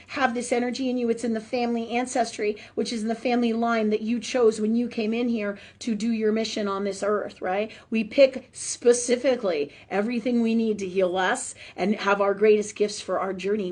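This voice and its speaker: A woman's voice: on the high side, a little mellow. A woman hosting a live spiritual forum as a medium, chatting and praying, often tagging her sentences with "right?". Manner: chatty, with constant "right?" tag questions. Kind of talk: live spiritual talk and prayer.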